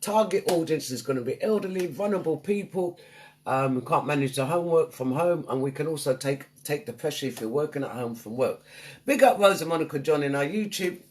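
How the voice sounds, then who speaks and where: A woman's voice: low voice, expressive, fairly quick, a little mellow. A woman hosting a live online radio show, chatting upbeat and greeting listeners by name. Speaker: radio DJ and host.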